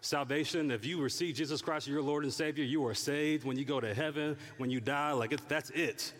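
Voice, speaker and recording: A man's voice: fairly high pitch, brisk. Man preaching in a reverberant hall. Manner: animated, acts out prayers and complaints in character voices. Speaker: pastor. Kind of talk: sermon.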